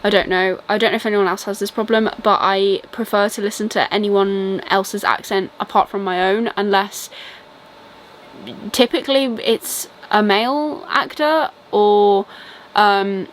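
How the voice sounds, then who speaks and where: A woman's voice: mid-range voice, steady tone, unhurried, a little hiss or hum, rough recording. A young British woman with a British accent chatting casually through a reading update, rambling with lots of ums and likes. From Britain. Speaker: book vlogger.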